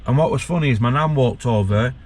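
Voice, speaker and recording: A man, a former prisoner, telling his story with halting emotion and many restarts. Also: mid-range voice, a little mellow, a little hiss or hum. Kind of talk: candid personal storytelling.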